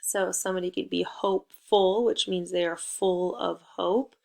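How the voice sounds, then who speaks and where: With a lowish, steady voice that's creaky and a little mellow, a woman runs a recorded phonics lesson for small children, spelling letters out slowly and leading a playful call-and-response.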